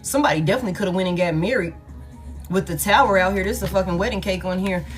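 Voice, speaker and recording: A woman giving a casual tarot reading in a blunt, profane, animated way, repeating herself for emphasis. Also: lowish voice, very fast, soft background music. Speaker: tarot reader.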